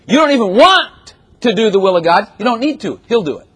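A man preaching with a husky, somewhat high voice that swoops all over. His delivery is conversational and animated, breaking into sudden exclamations. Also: a little fast, hardly any pauses. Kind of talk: sermon.

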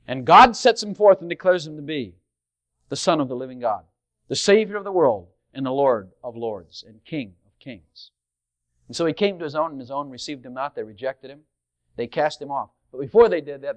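Animated male preacher, fairly high voice. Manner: animated, rising to loud emphatic questions; addresses congregation directly with rhetorical questions. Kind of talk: sermon.

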